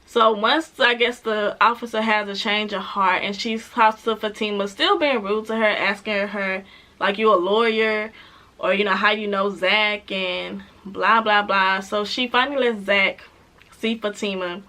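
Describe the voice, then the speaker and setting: A woman giving a casual, animated recap of a TV episode, chatting with laughs and acting out the characters' lines, with speech. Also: medium pitch, moderate pace. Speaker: TV show reviewer.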